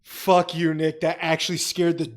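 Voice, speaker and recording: A man's voice: a little high, normal speed, gravelly. A man co-hosting a podcast, telling stories in casual chat with heavy swearing. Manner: profane, animated storyteller. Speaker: podcast co-host.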